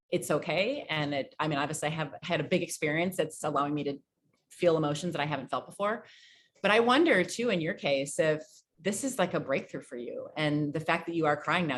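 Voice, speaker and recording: Deep-voiced lady author on a video call, earnest and blunt, encouraging, stumbles a bit. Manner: earnest and encouraging, frank, with false starts. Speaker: guest author. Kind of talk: casual chat on a video call.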